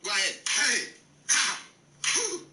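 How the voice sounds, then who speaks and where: A man's voice: on the high side, very animated, brisk, noisy background. A man doing a comedic kitchen demonstration, boastful and profane like a showman. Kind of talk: comedic kitchen demo skit. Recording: roomy sound from a distant mic.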